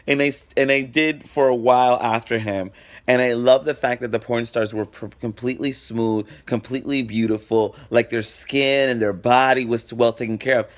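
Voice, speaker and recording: A man's voice: medium pitch, fairly even intonation, moderate pace. A man vlogging a personal story in a frank, profane, dramatic way, acting out what people said. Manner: acts out quoted exchanges. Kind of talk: casual storytelling.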